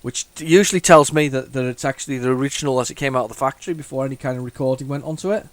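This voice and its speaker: A man's voice: mid-range voice, racing. A man hosting a retro computing video, talking casually as he goes, rambling and restarting often, with wry self-mocking asides. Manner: rambling, thinks aloud, frequent restarts. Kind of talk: casual running commentary.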